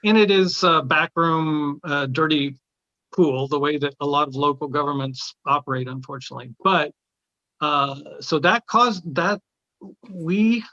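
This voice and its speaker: A man who owns an art gallery, speaking as a guest in a discussion, often halting and restarting his sentences. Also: a little high, sharp tone, dry recording, highs cut off. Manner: hesitant, many restarts and fillers. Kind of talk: conversational discussion.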